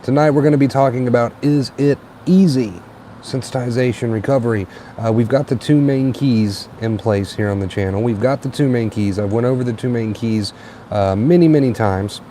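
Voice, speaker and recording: A young man hosting a late-night livestream on a tablet, a little tired, relaxed and repetitive, with plenty of uh and um. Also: medium pitch, fairly quick, slight background noise. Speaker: livestream host. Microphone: tablet mic.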